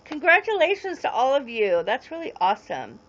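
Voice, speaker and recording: A woman's voice: sits high, sing-song, a little fast, fairly bright tone, lo-fi sound. A woman in her forties rambling casually on a livestream, greeting viewers and answering their comments as they come in. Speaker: livestream host.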